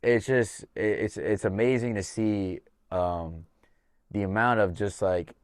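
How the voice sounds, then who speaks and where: A man's voice: on the low side, fairly even intonation, measured pace, smooth, no room sound, clean studio sound. A man hosting a podcast, telling a casual, profane story as a fight coach and acting out the dialogue as he goes. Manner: loose and profane, acts out quoted dialogue.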